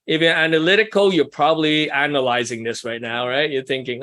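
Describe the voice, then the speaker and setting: A man's voice: a little high, brisk, pushed and bright. A man leading a small-group workshop in casual teaching talk, asking the group questions and making self-deprecating asides. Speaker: workshop leader for ministry couples.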